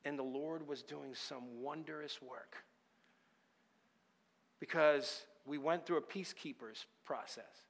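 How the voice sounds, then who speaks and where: A man's voice: on the high side, slow pace, fairly bright tone, big-room sound. A male pastor telling a personal story in a sermon, talking conversationally and acting out the dialogue. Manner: conversational, retells events with quoted dialogue.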